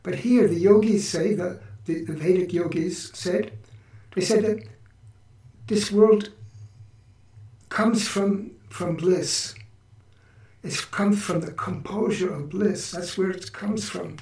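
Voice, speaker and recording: A man hosting a spiritual podcast, talking through teachings in a relaxed, reflective way with frequent restarts. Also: high voice, takes it slowly, pauses often, distant mic. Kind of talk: spiritual talk. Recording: echoey room, voice from off-mic.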